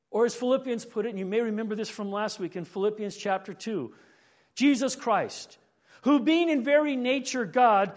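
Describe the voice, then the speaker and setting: A man preaching a sermon in an earnest way, often repeating words as he gathers his thoughts. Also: extremely high pitch. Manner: earnest, building and falling in emphasis; repeats words when thinking.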